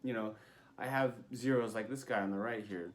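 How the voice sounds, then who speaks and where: Young guy with a lowish voice rambling thru a storytime vlog, lots of ums and likes, does the voices of people he quotes. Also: fairly even intonation, moderate pace. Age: young adult. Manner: chatty, many fillers, acts out quotes. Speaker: vlogger.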